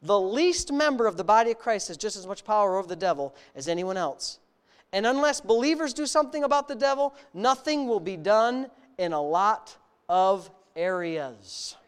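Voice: medium pitch, animated, normal speed, smooth. A preacher giving a sermon, reading a story aloud and stopping to comment and ask the congregation questions, in an earnest, emphatic way.

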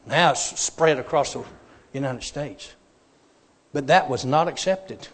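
A man's voice: mid-range voice, a little slow, long reverb tail. A man preacher giving a sermon testimony to a congregation, telling his story in a folksy, emphatic way.

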